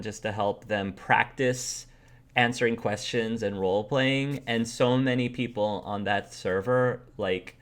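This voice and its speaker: A man hosting as game master, chatting casually and giving earnest, emphatic praise to his players. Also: on the low side. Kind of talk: casual chat.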